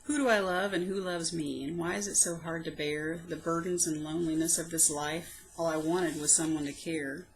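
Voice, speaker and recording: A woman reading her own poems aloud, soft, slow and reflective, with plain spoken asides between them. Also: low voice, steady tone, slight background noise, poor audio. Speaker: poetry reader.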